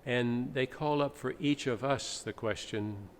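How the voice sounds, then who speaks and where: A male pastor with a mid-range voice preaches a little slowly, teaching through explanation and dramatic readings. His sermon takes place in a church sanctuary, and the recording carries echo and faint background noise.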